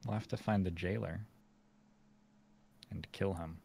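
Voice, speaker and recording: A man's voice: low-pitched, steady tone, measured pace, creaky, a little mellow, husky. A man playing in a tabletop game, thinking aloud in loose casual chat. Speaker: player.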